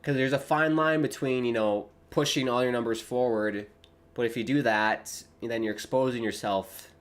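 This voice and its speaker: A man streams a football watchalong, calling the match in a loose, conversational way. His voice carries an early-morning roughness at an ordinary mid pitch. He jumps up in excitement on the attacking moves and turns to chat with his viewers in between. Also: moderate pace. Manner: chatty, rises excitedly on play-by-play, talks to chat. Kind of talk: casual live match commentary.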